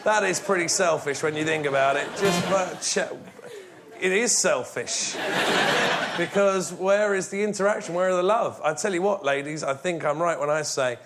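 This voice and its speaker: A man's voice: high-pitched, moderate pace, heavy background noise. A man arguing in a comic debate, mock-pompous and theatrical. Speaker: comedy panellist. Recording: studio audience laughing throughout.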